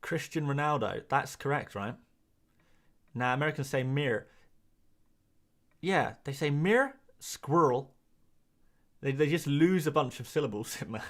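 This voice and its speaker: A man's voice: mid-range voice, a bit bright. A man, hosting a live stream and chatting casually through viewer comments in a rambling, talkative way. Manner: chatty, rambling, quick asides and laughs. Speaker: fantasy football livestream host.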